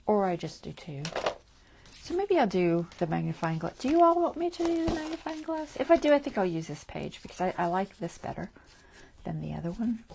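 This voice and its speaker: Low, gravelly-voiced woman thinking aloud. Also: background noise. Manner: meandering, talks through decisions, drops into soft half-whispered asides. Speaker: craft livestream host. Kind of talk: casual thinking-aloud crafting chat. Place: at home at a craft table. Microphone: wearing a mic.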